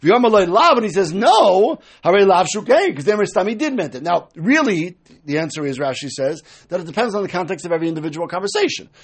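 Male Talmud lecturer: high, lively voice with a husky edge, walks through each step and acts out the quoted lines. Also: fast. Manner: explains step by step, acting out quoted speakers. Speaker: Talmud teacher.

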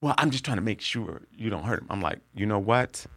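Animated, swearing middle-aged man comedian. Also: on the low side, brisk, no room sound. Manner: profane, animated storytelling, loud bursts of laughter. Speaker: comedian guest. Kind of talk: storytelling podcast chat.

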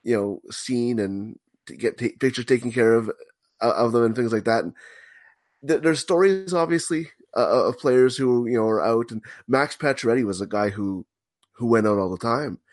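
Measured man analyzing hockey. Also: medium pitch, no room sound. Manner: measured, analytical, often repeats words. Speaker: podcast guest, hockey blogger. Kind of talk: casual sports podcast chat.

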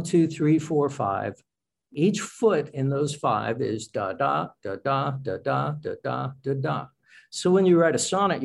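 A man's voice: a little high, darkish tone. Chatty, self-deprecating male poet. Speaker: author and poet. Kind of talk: radio interview conversation.

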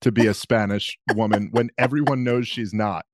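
A man guesting on a podcast, joking in a wry, deadpan way. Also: lowish voice, moderate pace, dry recording, clean studio sound. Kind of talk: casual conversation.

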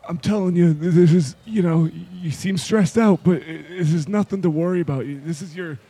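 A man's voice: high-pitched, brisk, mellow, breathy edge. A man doing a stammering nervous manager. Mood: reassuring. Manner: stammering, falsely reassuring. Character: nervous male fast-food franchise manager in denial.

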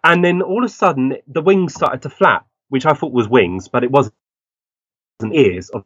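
A man on a muffled, dry lo-fi recording tells his experiences at a mid pitch. He is animated and often acts out the voices of the people he describes. His delivery is chatty and full of small restarts. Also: normal speed, breathy edge, no echo. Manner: animated anecdotes, acting out quoted voices. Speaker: guest medium. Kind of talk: interview storytelling.

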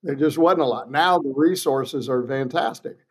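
A trial lawyer in his sixties, appearing as a guest in a casual interview, tells courtroom stories in a medium-pitched voice at normal speed. He's animated, blunt and salty, acting out the quotes as he goes.

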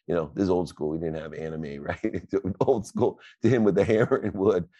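Low-voiced male motivational host, preacherly, dry close mic. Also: steady tone, fairly quick, mellow, dry recording, highs cut off. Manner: emphatic, preacherly cadence. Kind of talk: motivational talk. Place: live audio chat room.

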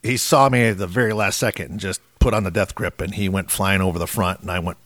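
A man's voice: low-pitched, steady tone, fast talker, fairly bright tone, no room sound. A middle-aged man, a game warden, casually telling a story and acting out what people said. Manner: laid-back storyteller acting out quotes.

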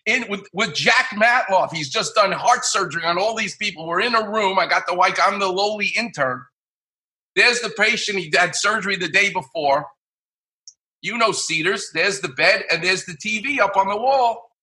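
A middle-aged man from New York, a surgeon guest on a podcast, telling lively anecdotes and acting out the people in them. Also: high-pitched, normal speed. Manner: animated anecdote-telling, acts out quoted voices. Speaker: guest, orthopedic surgeon and radio host. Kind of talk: podcast interview storytelling.

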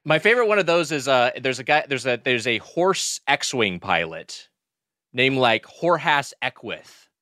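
A man bantering on a podcast, playful and quick to a joke. His voice is bright and forward, with lively swings in pitch, and it's recorded close and dry. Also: no room sound. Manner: joking, playful. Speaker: podcast co-host.

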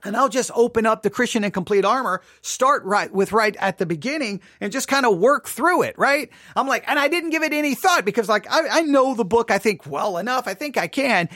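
High-voiced chatty man hosting. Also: expressive, a little fast, hardly any pauses, sharp tone, no room sound, studio quality. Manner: chatty, self-deprecating storytelling with frequent "right?". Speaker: podcast host. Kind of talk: live podcast monologue. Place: home studio.

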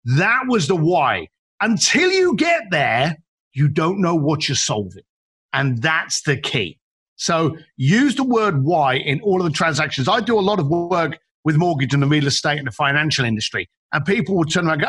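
A man speaks as a podcast guest, with a bright, slightly husky voice. He tells his stories with energy and acts out the people in them. His pitch sits fairly high and swings widely. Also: big pitch swings, normal speed. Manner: acts out quoted people, emphatic, repeats words. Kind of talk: animated storytelling.

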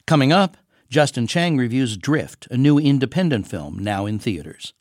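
A man's voice: mid-range voice, animated, moderate pace, darkish tone, no echo, studio quality. A man, a radio host, reading scripted links between segments.

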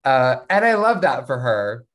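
A woman's voice: very deep voice, very animated, measured pace. A woman co-hosting a casual fan discussion podcast, wry and enthusiastic. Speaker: podcast co-host.

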